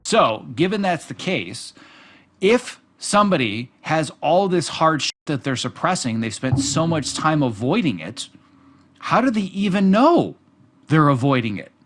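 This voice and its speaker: A man's voice: a little high, sing-song, unhurried, background noise. Male podcast host asking probing questions. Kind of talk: conversational podcast interview.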